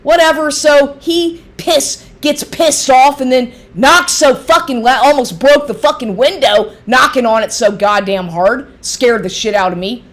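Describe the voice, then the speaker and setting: A woman's voice: high-pitched, a little slow, few pauses. A middle-aged woman ranting angrily into the camera, profane, heated and sarcastic, mocking the man she addresses. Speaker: vlogger. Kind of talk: angry ranting monologue.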